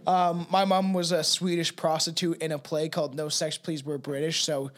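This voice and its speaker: A man with a fairly high-pitched voice co-hosts a loose true-crime podcast. He swears freely and rambles, now and then stopping to read a passage out loud before drifting back into chat. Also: little pitch movement, normal speed. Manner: profane, rambling, reads passages aloud. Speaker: podcast co-host.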